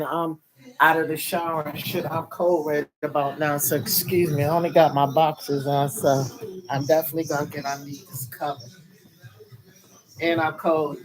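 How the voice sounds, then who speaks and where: A man's voice: on the high side, fairly bright tone, rough recording. Annoyed, cussing man on a phone stream. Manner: profane, annoyed, sweet-talking viewers. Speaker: live streamer chatting with viewers. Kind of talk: casual rambling live stream. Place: in bed at home under a cover. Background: faint music from another room.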